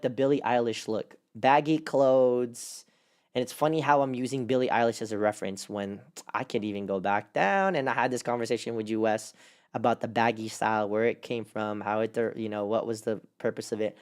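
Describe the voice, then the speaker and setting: A man co-hosting a casual podcast chat, talking in an animated, rambling way with lots of fillers. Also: mid-range voice, brisk, smooth. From California. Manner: animated, rambling with many fillers and quoted put-on voices. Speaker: podcast co-host.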